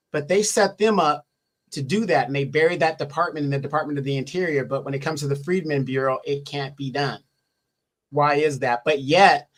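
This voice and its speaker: A man's voice: fairly high pitch, a bit bright, poor audio. A man giving opinionated political commentary in an emphatic way, asking rhetorical questions and repeating phrases for weight.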